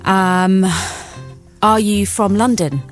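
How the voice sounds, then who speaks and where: A woman's voice: medium pitch, slow, faint music behind. A woman co-presenting a radio show in a studio, eager and giggly as she chats and guesses. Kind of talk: playful studio chat.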